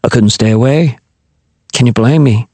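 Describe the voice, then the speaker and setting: A man's voice: medium pitch, moderate pace, mellow, no echo, natural voice. A man voicing a roguish older pirate who talks breezily and teasingly. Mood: breezy. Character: roguish, swaggering older male pirate charmer.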